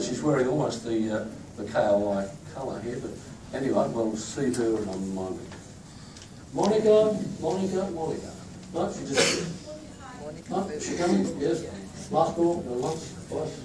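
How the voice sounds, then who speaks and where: At a staff event in an echoey room, a medium-pitched, expressive male voice, going a little fast, belongs to the institute leader introducing his team to a crowd with jokes and chatter. Crowd noise and a distant mic shape the recording.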